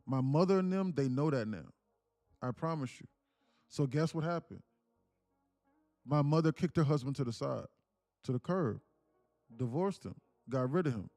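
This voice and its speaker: A man's voice: mid-range voice, animated, moderate pace, long pauses, a little mellow, no room sound, faint music behind. A man hosting a trading livestream, telling a personal story casually, emphatic and repetitive with many restarts.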